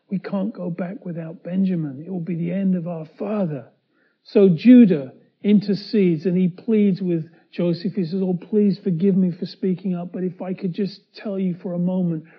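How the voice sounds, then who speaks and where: A man preaching a sermon, retelling a scripture story with dramatic swings from loud to hushed as he voices the characters. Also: high-pitched, lo-fi sound.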